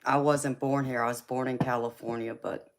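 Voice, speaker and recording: At a moderate pace and with fairly even intonation, a very deep-voiced Southern US woman does a casual tarot reading on a live stream. She greets viewers affectionately with endearments like baby and honey and chats on in a rambling way, full of ums and you-knows.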